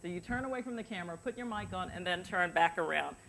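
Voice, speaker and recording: Lively woman teaching with a lapel mic. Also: fairly low pitch, fast talker, vocal fry, slight background noise. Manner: lively, chatty, directing the room with questions. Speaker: journalist giving an interview workshop. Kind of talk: workshop talk to students. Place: university forum hall. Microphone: lavalier.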